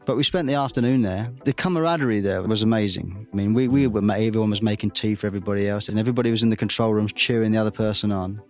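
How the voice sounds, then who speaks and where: An older man recalling stories in a relaxed interview. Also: fairly low pitch. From England. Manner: brisk anecdotal, acts out quoted voices. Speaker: interviewee musician. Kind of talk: reminiscing interview. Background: faint music.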